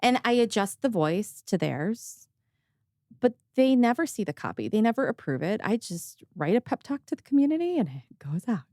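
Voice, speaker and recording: A woman's voice: fairly high pitch, sing-song, moderate pace, mellow, no room sound, clean studio sound. A woman hosting a podcast, chatting casually and candidly, laughing often and swearing offhandedly. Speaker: podcast host. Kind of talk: casual conversational chat.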